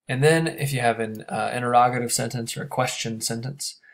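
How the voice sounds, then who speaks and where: This is a grammar lesson led by a man with a mid-range voice, who breaks the material into steps and asks short questions along the way.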